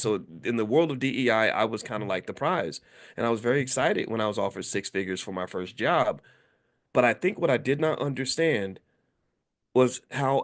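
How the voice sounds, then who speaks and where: A middle-aged man giving a casual commentary monologue, animated and often restarting and repeating words. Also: mid-range voice.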